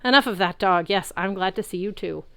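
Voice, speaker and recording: A woman voicing a wise old male centaur mentor, steady and reassuring. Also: medium pitch, brisk, dry recording. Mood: fond.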